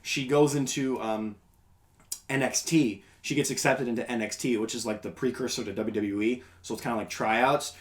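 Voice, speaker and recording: A young man in easy, casual conversation as a podcast host, rambling along with plenty of ums and restarts. His voice sits at an ordinary middle pitch, relaxed and unhurried. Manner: rambling, laid-back, lots of fillers. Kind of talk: casual chat.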